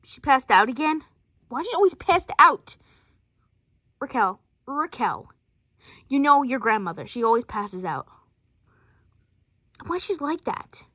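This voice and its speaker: High, lively woman voicing a family skit. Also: a little slow, pauses often, no room sound, clean studio sound. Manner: switches between many character voices. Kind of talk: playful family role-play.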